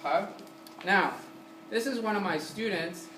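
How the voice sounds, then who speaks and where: Male music teacher, energetic classroom delivery with quick questions and sung demos; distant, roomy recording with background noise. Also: sits high. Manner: sings short syllables to demonstrate. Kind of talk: classroom lesson. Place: community center room.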